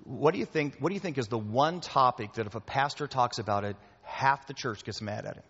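A man preaches a conversational sermon, often repeating his words and speaking straight to the crowd. His voice sits at a middle pitch and rings through a large, reverberant hall. The recording sounds a little dull and lo-fi. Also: a little fast, fairly bright tone, breathy edge. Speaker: pastor. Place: church hall before a congregation.

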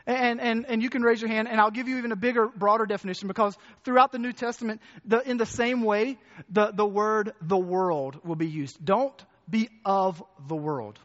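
A man with a fairly high voice preaches in a loose, conversational way, circling back over his words and putting questions to the congregation. The recording is muffled and carries the long echo of a church hall. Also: fairly bright tone. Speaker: pastor. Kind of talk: sermon.

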